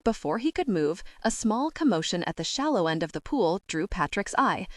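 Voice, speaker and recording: Woman audiobook narrator, wry, lively pitch, dry close recording. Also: normal speed, no room sound. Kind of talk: scripted narration.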